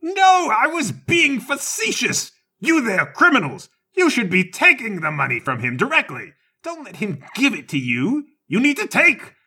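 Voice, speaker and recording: A man's voice: a little high, huge pitch swings, normal speed, vocal fry, few pauses, bright, forceful tone, husky, heavily acted. A man voicing a furious old male congressman who threatens everyone with a whip, ranting in a tabletop game. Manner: ranting, menacing, theatrical.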